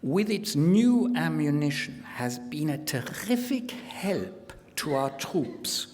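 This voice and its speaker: A gloating, boastful German wartime official, put on by a lecturer in a mock German accent, reading his diary aloud with a raised, emphatic pitch. The voice carries a long hall reverb with faint room noise behind it. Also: darkish tone. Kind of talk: lecture quotation read in character. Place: conference hall.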